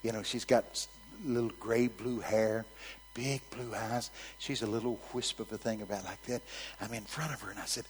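A man preaching a storytelling sermon, swinging from hushed asides to loud, shouted quotes. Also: fairly low pitch, steady tone, normal speed, in a large hall, rough recording.

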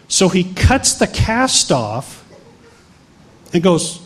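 A man's voice: sits high, a little slow, husky. A middle-aged male pastor telling a healing story in a sermon, acting out the people he quotes. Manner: animated, acts out quoted voices.

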